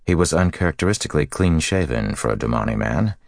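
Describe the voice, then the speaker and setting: Very deep, gravelly male narrator. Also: animated, fast, no room sound, studio quality. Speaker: audiobook narrator. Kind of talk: scripted fantasy narration.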